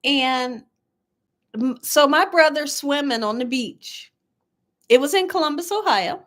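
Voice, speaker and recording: This cooking channel host, a middle-aged woman, speaks in a high voice at an unhurried pace during a relaxed livestream. She reads out comments, tells stories with plenty of laughter, and addresses everyone as "y'all."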